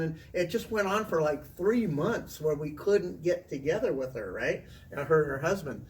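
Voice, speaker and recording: A middle-aged man, a former teacher, telling a long casual story to interviewers, chatty and animated, swearing now and then. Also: fairly high pitch, normal speed, hardly any pauses. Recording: distant mic with faint room noise.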